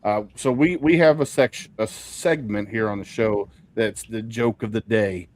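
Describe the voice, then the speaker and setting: A man's voice: lowish voice, measured pace. A middle-aged man hosting a podcast, upbeat and enthusiastic with his guests. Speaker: podcast host. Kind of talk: casual interview chat.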